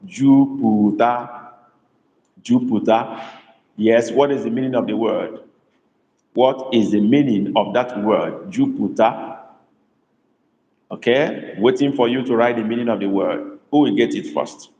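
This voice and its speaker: A man teaching a live online language class, patiently repeating words slowly and calling on students by name. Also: mid-range voice, warm tone, muffled recording. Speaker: language tutor. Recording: echoey room with long reverb.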